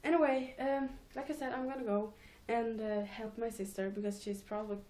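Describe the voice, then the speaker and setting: A woman's voice: fairly high pitch, fairly even intonation, fairly quick, darkish tone. A teenage girl rambling casually in a home vlog, giggling and mocking herself between thoughts. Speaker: vlogger.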